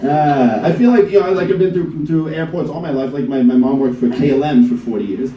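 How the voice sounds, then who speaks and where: A man in his thirties with an American accent doing a stand-up comedy set, swearing and acting out people in quick put-on voices. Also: fairly high pitch, highs cut off, a little hiss or hum. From Netherlands. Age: 30s. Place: comedy club stage with live audience. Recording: roomy club sound from a distance, crowd laughter. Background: audience laughing.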